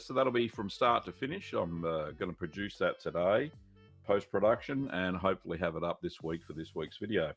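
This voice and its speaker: Gravelly Australian man hosting a live stream. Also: lowish voice. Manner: rambling, friendly, many fillers, greets viewers by name. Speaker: host of a live cheese-making Q&A show. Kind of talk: casual live-stream chat.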